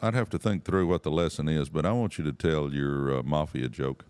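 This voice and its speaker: A man's voice: a bass voice, a little fast, a little mellow, clear, resonant tone. A man hosting a podcast in casual chat, eagerly prodding his guest to tell a story. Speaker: podcast host.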